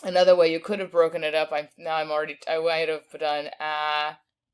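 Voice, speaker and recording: A woman teaching a recorded spelling lesson, patiently sounding out each word slowly. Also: sits low, level tone, clean tone. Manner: patient, slow sounding-out of words.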